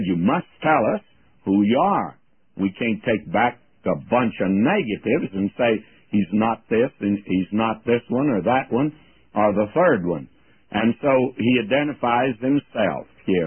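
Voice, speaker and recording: A man's voice: lowish voice, breathy edge, no room sound. Older man teaching on tinny radio. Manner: folksy, plain-spoken, slows to quote scripture. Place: radio studio. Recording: tinny phone-like radio broadcast, dry.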